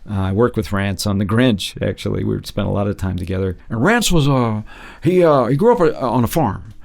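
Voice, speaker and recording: Gravelly-voiced man telling lively stories. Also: fairly low pitch, a little fast. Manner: animated, jumps into quoted voices. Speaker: guest impressionist and actor. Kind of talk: casual interview storytelling.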